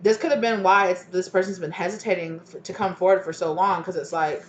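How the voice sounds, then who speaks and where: A woman's voice: fairly low pitch, steady tone, fairly quick, slight background noise. Woman, casual tarot reading, chatty, rambling restarts, roomy echo, slightly dull sound. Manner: chatty, trails off and restarts mid-thought. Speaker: tarot reader.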